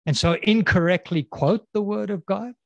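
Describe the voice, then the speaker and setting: A man preaching with emphatic, questioning delivery, his slightly high voice rising on challenges and sinking low and slow on key words. The sound is dry and close, with no room echo. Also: vocal fry, a bit bright, lo-fi sound. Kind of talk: sermon.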